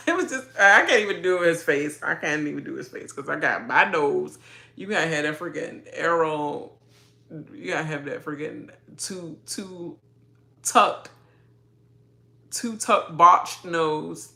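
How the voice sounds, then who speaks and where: A sassy woman riffs through a casual reaction rant about reality TV. Her voice is bright and forward, and it jumps about with animated energy. She laughs often and talks straight to the viewer. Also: deep voice, unhurried, vocal fry.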